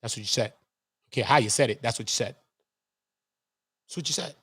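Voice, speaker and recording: Speaking fairly quickly in a pushed, bright, slightly rough mid-range voice, a channel host goes on an aggressive, foul-mouthed livestream rant packed with rhetorical questions. The sound is dry and clean, like a studio.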